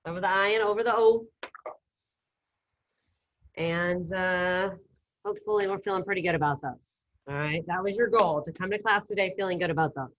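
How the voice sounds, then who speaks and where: A woman teaching an online language class, giving brisk, upbeat coaching over a video call. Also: mid-range voice, a bit bright, lo-fi sound, a little hiss or hum. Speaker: Spanish teacher.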